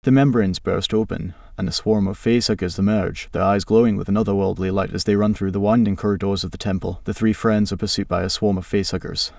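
A man narrating an adventure story in a steady, dramatic read with a low, gravelly voice. He sits back from the mic in a dry, deadened space. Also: quick pace, hardly any pauses, no echo, far from the mic.

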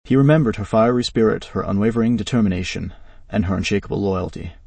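A man narrating a dramatic story in a steady, even reading voice. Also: lowish voice, quick pace, gravelly, breathy edge, dry recording, far from the mic.

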